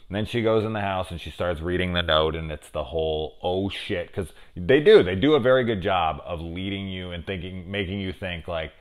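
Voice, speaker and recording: A man hosting a casual review show, thinking aloud with many fillers and swinging between loud excited questions and low mumbles. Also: a little fast, hardly any pauses. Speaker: TV review host. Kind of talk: casual spoiler discussion.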